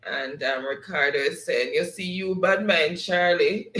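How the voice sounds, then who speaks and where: A man's voice: fairly high pitch, takes it slowly, a bit bright, reverberant, poor audio. A man with a Jamaican accent hosting a live stream, reading viewer comments aloud and laughing often. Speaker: show host.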